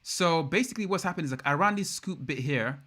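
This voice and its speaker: An English man chatting live to his viewers, loose and rambling, full of slang and sudden bursts of excitement. His voice is bright and forward, with a lively edge that cuts through. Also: on the high side, fairly quick. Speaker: livestream host. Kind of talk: casual livestream chat.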